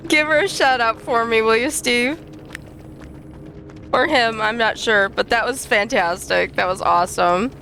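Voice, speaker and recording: High-voiced woman streaming a game. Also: measured pace, a little hiss or hum. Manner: excitable, laughs often, talks to chat. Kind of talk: live gameplay commentary. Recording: game music playing clearly behind.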